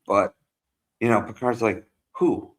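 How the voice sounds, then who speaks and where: A man's voice: on the low side, unhurried, a bit bright. A man co-hosting a podcast, recapping scenes casually with lots of fillers and quoted voices. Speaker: podcast co-host. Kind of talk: casual chat.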